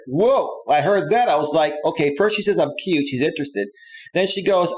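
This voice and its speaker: A middle-aged man coaching on dating in a live stream monologue, telling a story with lively delivery and reading messages aloud. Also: a little high, normal speed, low-quality recording. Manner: animated storytelling, reads messages aloud in a raised voice.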